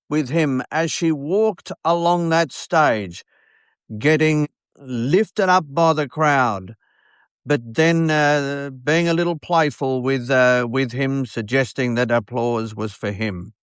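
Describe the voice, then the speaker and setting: A man, a radio host telling a story in an earnest, unhurried way, with many fillers. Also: mid-range voice, fairly bright tone, no room sound, studio quality. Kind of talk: storytelling monologue.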